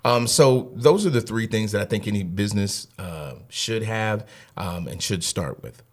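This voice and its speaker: A man's voice: lowish voice, lively intonation, moderate pace. A man in his thirties, a guest on a podcast, giving earnest advice in casual talk and often repeating words as he thinks. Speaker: HR director guest.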